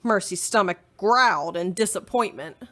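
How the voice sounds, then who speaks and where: Here a woman librarian performs a children's chapter book aloud in an expressive, story-driven manner, keeping a moderate pace and a mid-range voice.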